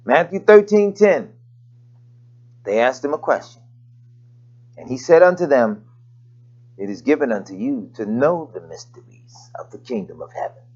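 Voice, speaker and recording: A male preacher delivering a sermon, his pitch swooping up and down as he mixes homely asides with scripture. The recording is muffled and lo-fi. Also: lively intonation, normal speed, long pauses, darkish tone, husky. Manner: conversational preaching with folksy asides and scripture readings.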